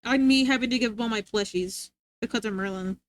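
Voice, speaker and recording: A woman with a high, bright voice chats casually on a livestream, rambling playfully and stumbling over her words. Her sound is dry, with no room echo. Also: a little fast. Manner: high sing-song voice when scolding her dog. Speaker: livestreamer chatting with viewers. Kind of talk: casual stream chat.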